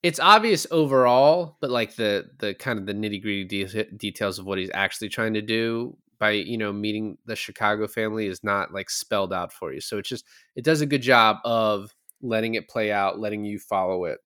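A young man talks through a film on his podcast, wandering through his points with plenty of ums and restarts. His voice sits low and sounds close and dry, with no room around it. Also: fairly quick, few pauses, a bit bright, clean tone, no echo. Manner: rambling, many fillers and restarts. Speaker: podcast co-host. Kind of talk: casual movie discussion.

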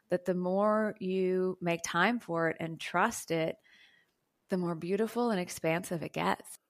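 A soft-voiced woman speaking as a guest on a spiritual interview, teaching about channeling in a flowing, earnest way. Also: lowish voice.

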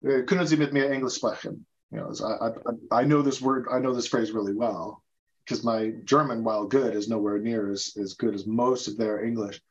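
A man's voice: fairly low pitch, steady tone, moderate pace, dull audio. A man from the United States hosting a podcast, chatting casually and stumbling over repeated words. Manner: chatty, repeats words and restarts, laughs often. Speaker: podcast host. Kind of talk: casual travel-tips chat.

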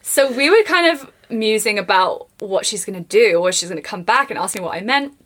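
A woman's voice: medium pitch, a little fast. English woman hosting a chatty podcast. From England. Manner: laughing, animated storyteller. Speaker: podcast host. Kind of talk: casual chat.

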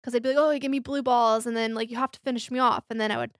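This young woman co-hosts a podcast, telling candid stories in a casual chat, packed with fillers and acted-out quotes from other people. Her voice is fairly high and steady, and she talks very fast. The recording is dry, with clean studio sound.

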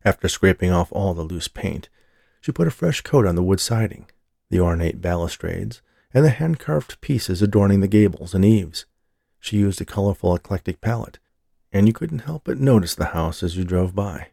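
Deep, gravelly man narrating a story. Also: expressive, moderate pace, warm tone, no echo, clean studio sound. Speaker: audiobook narrator. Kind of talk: scripted narration.

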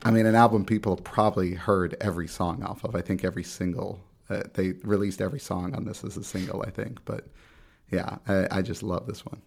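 A man's voice: deep voice, steady tone, fairly quick, gravelly, a little mellow, husky. A man in his forties co-hosting a podcast, chatting casually about music and laughing easily. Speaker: podcast co-host.

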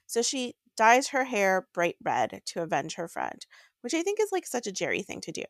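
A woman co-hosting a book podcast in casual chat, with a deadpan delivery. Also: medium pitch, moderate pace, no room sound, studio quality.

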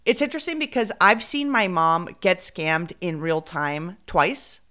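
Woman co-host, rambling casual chatter with Spanish fillers, smooth clear voice. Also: fairly low pitch, unhurried, sharp tone. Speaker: podcast co-host. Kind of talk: casual chat.

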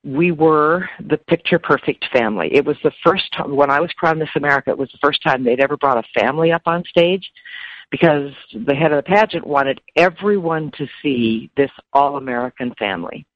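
A woman's voice: low-pitched, no echo. Woman guest in an interview, stops and repeats herself a lot, muffled lo-fi sound, dry. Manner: halting, repeats words when moved. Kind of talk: emotional personal interview.

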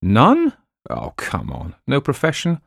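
A man reading as a gruff, grumpy middle-aged police inspector who asks curt questions. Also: mid-range voice, expressive, a little fast, no room sound, studio quality, voice pushed up, close to an everyday voice.

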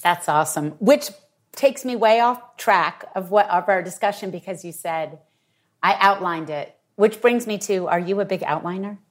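A woman hosts a podcast and asks a guest author questions in a conversational way. She sounds enthusiastic, and her pitch is in the middle of the usual range for a woman. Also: normal speed. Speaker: podcast host. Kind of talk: interview questions.

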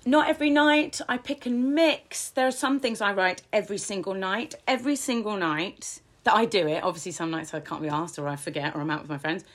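A woman telling her personal story as an interview guest, frank and self-deprecating, her pace swinging between slow and quick. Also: medium pitch.

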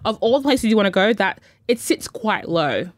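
A woman's voice: mid-range voice, lively intonation, normal speed, no echo, clean studio sound. A woman co-hosting a podcast in casual chat. She thinks aloud in long, reflective runs and acts out the lines she quotes. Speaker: podcast co-host.

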